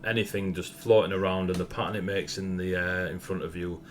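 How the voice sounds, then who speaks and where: A young Northern English man runs a tabletop game, describing scenes in a very low voice. He rambles easily, with plenty of ums, and laughs often as he narrates. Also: steady tone, fairly quick, slight background noise. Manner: laid-back, laughs often, rambling with fillers. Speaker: game master.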